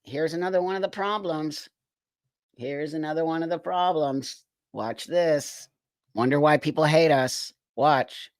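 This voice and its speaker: A man's voice: a little high, unhurried, no echo. A man hosting a livestream, reacting to clips with incredulous, exasperated commentary and frequent laughter. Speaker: livestream host.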